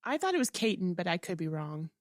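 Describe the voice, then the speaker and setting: A woman co-hosting a casual movie review podcast, chiming in with quick, brief remarks. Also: fairly low pitch, sing-song, no room sound, clean studio sound. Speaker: podcast co-host.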